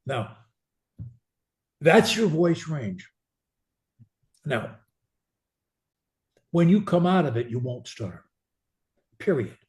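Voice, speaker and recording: A man coaching a client in a speech therapy session, blunt and pushy, demonstrating high, low and soft voices. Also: sing-song, slow pace, long pauses, roomy sound.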